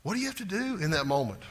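Bright-voiced preacher man. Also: sits high, husky. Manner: animated preaching, repeats for emphasis, swings from loud to hushed. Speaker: pastor. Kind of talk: sermon.

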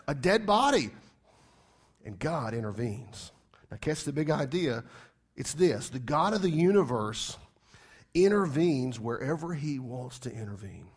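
A man's voice: a little high, sing-song, a little slow, breathy edge. A male pastor delivers a sermon in a slightly raised voice. He talks emphatically and repeats key phrases. He keeps asking his congregation rhetorical questions.

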